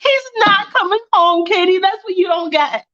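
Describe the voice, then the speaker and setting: A woman's voice: sits high, animated, takes it slowly, highs cut off. A woman voicing Mia, a furious cussing teen girl. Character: angry cold-hearted teenage girl Mia.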